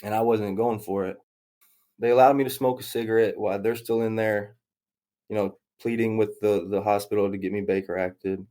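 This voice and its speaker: A man tells his story candidly, doubling back on himself and acting out the voices of the people in it. His voice sits on the low side, with a mellow, relaxed tone. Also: moderate pace. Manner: rambling, self-interrupting retelling with quoted dialogue. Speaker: interview guest.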